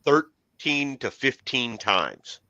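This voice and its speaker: Self-mocking man with a bright, dry voice. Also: mid-range voice, sing-song, slow, no room sound, highs cut off. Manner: self-mocking storyteller, swears casually. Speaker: car hobbyist show host. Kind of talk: casual chat.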